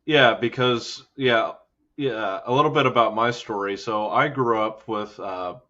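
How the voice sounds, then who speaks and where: A man from the United States speaking as a guest in an interview, earnest and measured with many fillers. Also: mid-range voice, sharp tone, muffled recording. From USA. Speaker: guest, think tank cofounder. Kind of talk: casual interview talk.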